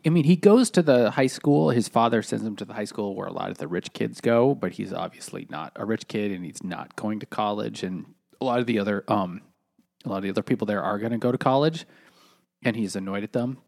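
A man's voice: on the low side, fairly quick, creaky, a little mellow, dry recording, clean studio sound. A man co-hosting a casual book-club podcast, summarizing the story steadily. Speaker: podcast co-host.

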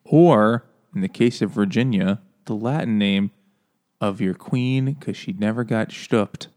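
A man's voice: on the low side, a little slow, darkish tone. A man co-hosting a casual podcast, riffing sarcastically and laughing often. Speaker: podcast co-host. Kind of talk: casual chat.

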